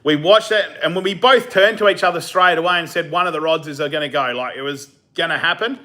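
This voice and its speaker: Man, fishing channel host, live stream chat, relaxed and chatty, laughs easily, bright tone. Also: on the high side, a little fast. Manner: casual, chatty, laughs easily, many fillers. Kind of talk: live stream chat answering viewer comments.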